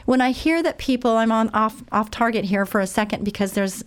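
A woman's voice: on the high side, brisk. Heartfelt, emotional woman preacher. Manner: heartfelt, emotional, repeats words for emphasis. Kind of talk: sermon.

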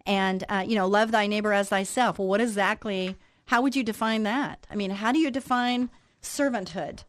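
A woman radio host telling a story in a lively, casual way, acting out the reactions she quotes, then moving into a devotional talk. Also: mid-range voice, moderate pace, dry recording, clean studio sound.

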